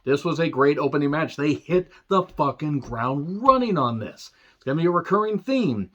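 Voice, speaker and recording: A tired man recapping a wrestling show in a casual solo review, rambling with fillers, wry asides and frequent throat-clearing. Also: on the high side, lively intonation, normal speed, dull audio.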